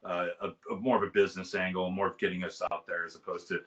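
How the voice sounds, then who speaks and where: Animated man in his fifties, bright lo-fi voice. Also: low-pitched, fast talker. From California. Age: 50s. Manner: animated, excitable storyteller. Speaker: guest musician. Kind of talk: casual storytelling on a video call. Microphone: video call. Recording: lo-fi video call audio.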